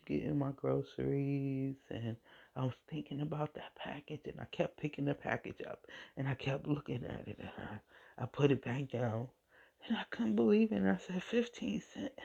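Gravelly, husky woman sharing her faith testimony. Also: sits low, warm tone. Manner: emotional, halting, repeats phrases. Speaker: podcast host. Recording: dull lo-fi recording.

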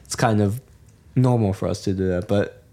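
A man's voice: fairly low pitch, normal speed, warm tone. A young man from Germany co-hosting a podcast, chatting casually and rambling with lots of restarts. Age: young adult. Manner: rambling, many restarts and fillers. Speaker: podcast co-host. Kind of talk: casual chat.

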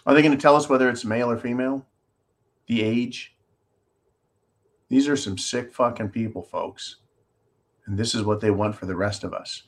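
Man, sarcastic show host, rambling rant, swears freely, reads out viewer comments, mid pitch. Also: steady tone, moderate pace, pauses often. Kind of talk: casual ranting commentary. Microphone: holds objects up to a camera while talking.

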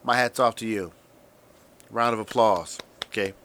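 A man with a slightly low voice holds forth as a podcast host in a comedic rant. He is sarcastic and crude, punching some words loudly and muttering others under his breath. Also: normal speed, a little hiss or hum. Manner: sarcastic, profane ranting; shifts between loud emphasis and muttered asides. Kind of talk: comedic monologue.

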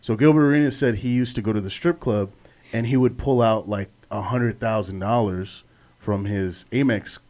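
A man's voice: on the low side, moderate pace, a little mellow. A man co-hosting a podcast, chatting casually and swearing a lot, laughing often. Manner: loose, profane, laughs a lot. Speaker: podcast co-host. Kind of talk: casual chat.

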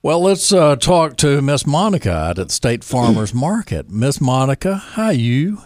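Male radio host, folksy banter, bouncy and fairly high, dry close sound. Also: big pitch swings, darkish tone, dry recording. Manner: friendly, folksy banter with quick interjections. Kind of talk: casual radio chat.

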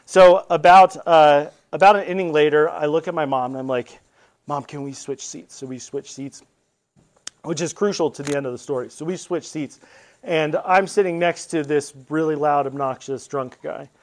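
Lively, higher-voiced male storyteller. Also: moderate pace. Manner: lively, casual, animated storytelling. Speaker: convocation speaker. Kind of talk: storytelling speech.

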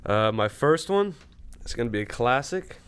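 A man's voice: mid-range voice, very animated, moderate pace, a bit bright, clear, resonant tone. A teenage boy co-hosting a casual podcast chat, laid-back and slangy. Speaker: podcast co-host.

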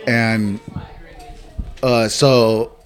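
A man's voice: mid-range voice, extremely slow, some chatter behind. Offhand, swearing man in casual chat. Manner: relaxed, profane, offhand.

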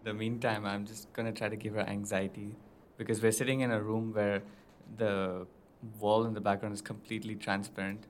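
A man's voice: fairly low pitch, little pitch movement, fairly quick, hardly any pauses. A young man hosting a podcast in casual chat, teasing his co-host and drawing out his questions. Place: room with a glass wall. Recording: roomy with faint noise.

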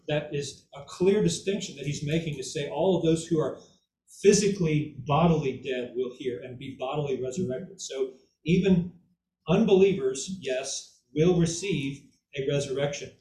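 A man's voice: on the high side, normal speed, warm tone, a little hiss or hum. A man giving an informal Bible teaching who keeps checking in with "okay?" and "right?" and repeats words for emphasis. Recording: echoey room, mic far off, faint ambience.

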